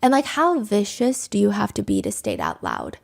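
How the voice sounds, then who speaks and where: A woman's voice: mid-range voice, wildly swooping pitch, moderate pace, vocal fry. A woman hosting a podcast, telling a true crime story in a candid, conversational way. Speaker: podcast host.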